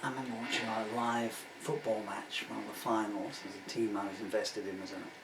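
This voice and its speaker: A man's voice: lowish voice, level tone, fairly quick, background noise. A man in his sixties who grew up in England, a singer-songwriter chatting between songs in a rambling, self-mocking way full of asides. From England, of Irish family. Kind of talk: casual chat between songs. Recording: roomy room, distant mic, guitar.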